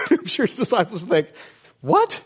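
Pastor guy preaching, pretty high voice, animated, keeps asking questions. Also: normal speed. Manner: animated storytelling with rhetorical questions. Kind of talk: sermon.

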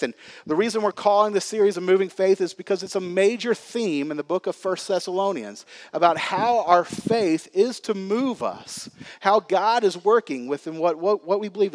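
A man in his thirties preaches in a church with a light, high voice. He talks like he's chatting with friends, full of fillers and easy storytelling. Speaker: pastor. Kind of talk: sermon.

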